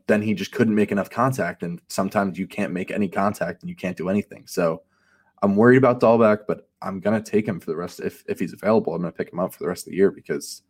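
A man co-hosting a casual sports chat, relaxed and analytical, with many fillers like um and you know. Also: low-pitched, slightly rough. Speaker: podcast co-host and fantasy analyst.

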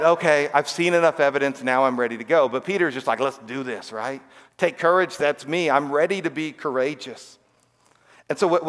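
A man's voice: medium pitch, fairly bright tone, in a large hall. A man giving a casual, conversational sermon to children, often checking in with "right?". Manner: conversational, frequent "all right?" and "right?" asides. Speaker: pastor.

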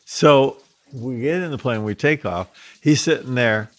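A man casually telling a personal anecdote, vivid and lively, with frequent restarts. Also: mid-range voice, a little slow. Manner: animated, vivid storytelling with restarts. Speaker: storyteller.

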